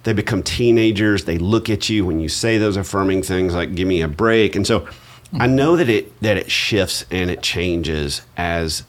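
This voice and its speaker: Middle-aged man, very low voice, relaxed self-deprecating podcast host. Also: normal speed, hardly any pauses. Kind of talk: casual podcast chat.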